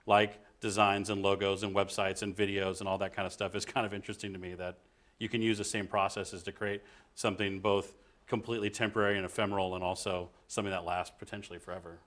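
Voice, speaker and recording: Man, improv panelist, animated, self-deprecating, conversational talk. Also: deep voice, fast.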